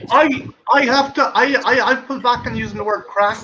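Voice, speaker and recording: An Irish man in casual stream chat, talking quickly and swearing heavily. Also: extremely high pitch, pushed and bright. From Ireland. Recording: dull lo-fi mic with faint hiss.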